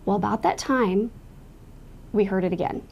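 Woman, personal testimony, earnest and emotional, vocal fry, mid-pitched. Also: moderate pace, highs cut off. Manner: earnest, emotional retelling of a frightening night; speaks with religious faith.

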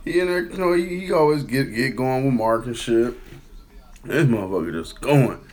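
A man hosting a podcast, telling a story in casual chat and acting out the quotes in a loud, high voice. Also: lively intonation, moderate pace. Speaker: podcast host.

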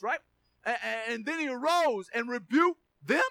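High-voiced preacher, bright and dry. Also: male voice, moderate pace, no echo. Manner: emphatic, repeats words, asks congregation for amens. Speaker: pastor. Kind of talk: sermon.

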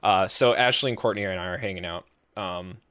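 A man's voice: low voice, fairly quick, fairly bright tone, smooth, dry recording, studio quality. A young man tells a rambling, profane anecdote in casual podcast talk, full of fillers and "right?" tags, and he keeps breaking into laughter. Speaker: storyteller.

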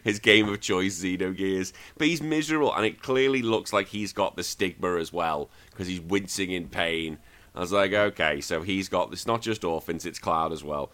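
A man's voice: sits low, moderate pace, fairly bright tone. A man hosting a podcast, retelling a movie scene by scene in casual, profane chat. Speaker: podcast host.

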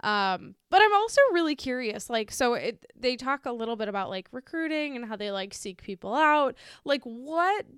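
Midwestern woman, smooth casual podcast voice. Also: fairly high pitch, sing-song, moderate pace, few pauses, a bit bright, no echo, clean studio sound. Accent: American Midwest. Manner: laughs often, swears casually; reads news excerpts, stumbling over names. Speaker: podcast co-host. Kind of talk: casual chat.

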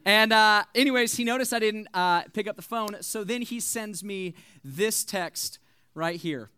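A young man preaching to a youth group, joking and conversational with lively, animated delivery. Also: sits high, a little slow, clear, resonant tone, no echo, clean studio sound. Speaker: youth pastor. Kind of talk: sermon.

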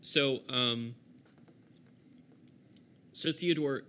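A man's voice: mid-range voice, drawn-out words, sharp tone, smooth. A man narrating as game master of a tabletop game, laughing often as he describes the scenes.

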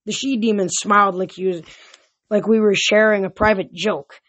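A woman reads a novel aloud in a mid-pitched voice. She stumbles now and then and goes back to restart words. The reading is informal rather than polished. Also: steady tone, moderate pace, fairly bright tone. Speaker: reader.

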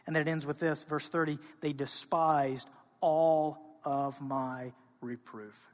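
A male pastor delivering a sermon in a church, his voice pitched somewhat high and carried by a long, ringing reverb. He preaches with passion, dropping to quiet, intimate moments and then rising to loud, urgent appeals. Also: fairly even intonation, takes it slowly. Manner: impassioned preaching that swings between quiet and loud. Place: church sanctuary.

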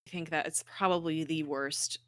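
A woman's voice: low-pitched, moderate pace, no room sound, clean studio sound. A woman co-hosting a casual podcast, recapping a TV episode with lots of laughs and emotion. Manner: animated, laughing, tearful recapping. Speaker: podcast co-host.

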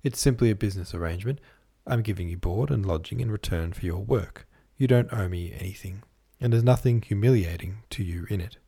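A man's voice: lowish voice, fairly quick, vocal fry, few pauses, mellow, husky. A man voicing a kindly young man who speaks in light, mock-formal banter. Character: wry, kindly young man, gently ironic.

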